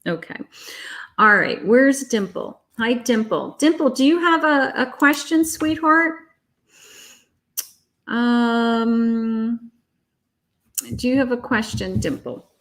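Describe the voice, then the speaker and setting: A woman's voice: a little high, expressive, takes it slowly, pauses often, fairly bright tone. A middle-aged woman reading tarot cards on a live stream, chatting with viewers and reassuring them, calling them honey and sweetheart. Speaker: psychic tarot reader hosting a live stream.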